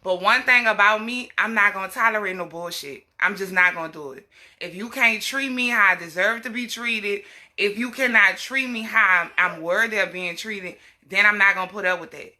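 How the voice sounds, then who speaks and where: On a casual livestream, a young woman who vlogs about health preaches self-worth to women, her medium-pitched voice pushed and bright at a moderate pace. She delivers it emphatically and fired up, breaking off now and then to scold her little girl.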